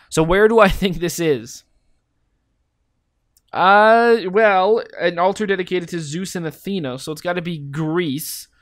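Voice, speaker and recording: A man's voice: fairly high pitch, smooth, dry recording. Man musing aloud over a game, dry sound. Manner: rambling, muses aloud with playful questions. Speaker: game commentator. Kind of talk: casual let's-play commentary.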